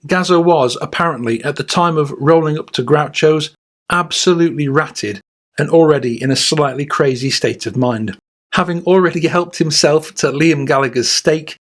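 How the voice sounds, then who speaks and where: A man narrates a scripted documentary for his channel in a fairly high voice. His delivery is measured and wry. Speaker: YouTube host.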